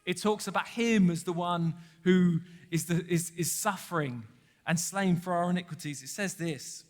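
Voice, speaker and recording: High-voiced preacher in echoing hall. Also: male voice, moderate pace, a little mellow. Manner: conversational storytelling, asks the congregation questions. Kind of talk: sermon. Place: church hall. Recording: long church hall reverb.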